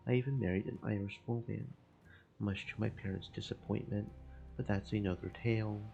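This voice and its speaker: A man voicing a gruff, plain-spoken old sailor who cannot abide dishonesty. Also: fairly low pitch, fairly even intonation, fairly quick, dark tone, muffled recording, soft background music. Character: old seafaring man, blunt and honest.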